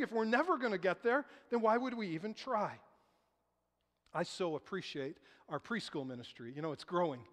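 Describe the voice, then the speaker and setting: High-voiced pastor preaching in a hall. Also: male voice. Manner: animated storytelling, voices quoted people. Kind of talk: sermon. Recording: reverberant hall.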